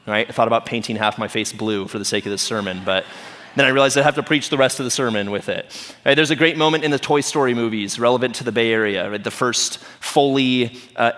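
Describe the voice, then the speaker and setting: A man's voice: mid-range voice, a bit bright. Pastor guy giving a chatty funny sermon, mid voice, church hall echo on it. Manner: conversational and humorous, often asking "right?". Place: church auditorium. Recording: long reverb of a church hall.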